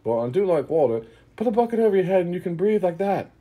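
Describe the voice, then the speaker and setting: A man's voice: sits high, big pitch swings, quick pace, dark tone, breathy edge, pitched above the performer's own voice, heavily acted. A man voicing a chirpy, water-loving adventurer, rambling and stumbling over his words. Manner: rambling, giggly.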